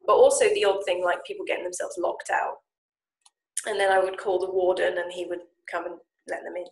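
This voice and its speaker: In an echoey room, a woman tells a story in a lively, animated way, acting out the quotes. She's a Japanese speaking coach and founder, speaking casually at a fairly low pitch and a little fast.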